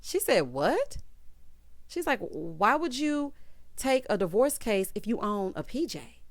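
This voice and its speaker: Animated sassy woman recapping a show. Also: a little high, slow pace, no echo. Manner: animated, sassy retelling with quoted voices. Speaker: TV recap host. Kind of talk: casual recap commentary.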